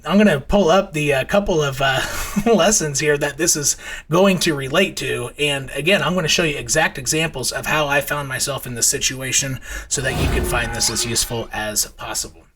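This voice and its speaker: A man's voice: normal speed, a bit bright, a little hiss or hum. A man in his thirties, host of a trading channel, telling stories and then talking through charts in a rambling way full of fillers and restarts. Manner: acts out his kids' voices in high squeals. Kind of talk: casual storytelling and chart commentary.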